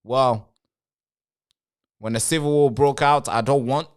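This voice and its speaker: A man's voice: mid-range voice, lively intonation, unhurried, pauses often. Male live-streamer, rambling commentary straight to viewers, answers chat. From Britain.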